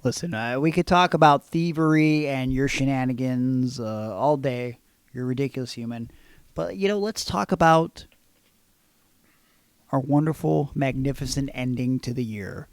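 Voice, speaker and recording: A man hosting a podcast, telling stories in a casual, animated, profane way. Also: medium pitch, moderate pace, clear, resonant tone, dry recording. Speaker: podcast host. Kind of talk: casual chat.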